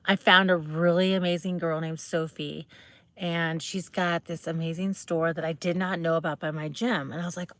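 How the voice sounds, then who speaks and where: A woman's voice: on the low side, fairly even intonation, moderate pace, fairly bright tone, no echo. A woman hosting a casual livestream, chatting bubbly and rambling with viewers, greeting them and asking questions. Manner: rambling, with many fillers and restarts. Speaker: livestream host.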